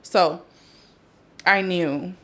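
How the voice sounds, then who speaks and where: A woman's voice: lowish voice, extremely slow, pushed and bright. A young woman as a podcast guest, telling personal stories in an open, conversational way. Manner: open, storytelling, emotional at times. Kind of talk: casual chat.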